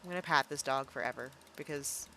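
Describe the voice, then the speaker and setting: A young woman streaming a game, chatting playfully and thinking out loud with plenty of fillers. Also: a bass voice, brisk, slight background noise. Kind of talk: casual live-stream game commentary.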